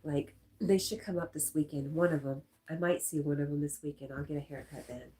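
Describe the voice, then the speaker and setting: A middle-aged woman with a low, stuffy-nosed voice hosts a relaxed live stream. She reads viewer comments aloud and answers them in an easy, chatty way. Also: brisk. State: stuffy nose. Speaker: live stream host reading chat. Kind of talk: casual live stream chat.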